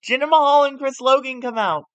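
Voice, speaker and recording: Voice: sits high, fairly quick, clean tone, no room sound, lo-fi sound. A streamer giving casual, rambling commentary with self-corrections while playing a wrestling management game on a close mic.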